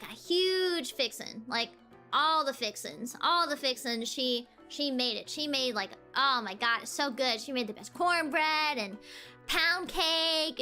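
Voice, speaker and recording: Young woman from the American South, high bright voice, giggly rambling streamer chat over faint music. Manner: giggly, rambling with many fillers and restarts. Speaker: VTuber streamer. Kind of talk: casual chat answering viewers.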